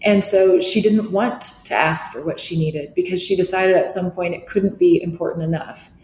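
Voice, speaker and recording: A woman's voice: lowish voice, steady tone, moderate pace, a little mellow. A middle-aged woman, a podcast guest, speaking earnestly and reflectively, often restarting her sentences. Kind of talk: candid interview talk. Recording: echoey room with faint noise.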